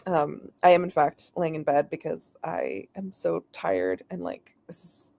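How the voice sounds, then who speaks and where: Woman host on a casual home stream, lively up-and-down delivery, giggly and full of fillers. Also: deep voice, unhurried, creaky. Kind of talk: casual chat on a live stream. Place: lying in bed at home. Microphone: headphones with mic.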